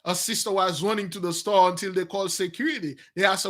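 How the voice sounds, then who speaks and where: A man delivering an animated preaching monologue, swinging between loud outbursts and low mutters. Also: quick pace. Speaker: spiritual teacher.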